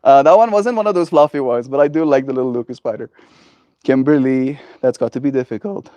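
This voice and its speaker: Male livestreamer, casual porch chat, rambling and gentle, dry close sound. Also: medium pitch, quick pace, dry recording, muffled recording. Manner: rambling and gentle, heavy on fillers. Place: outdoors on a porch.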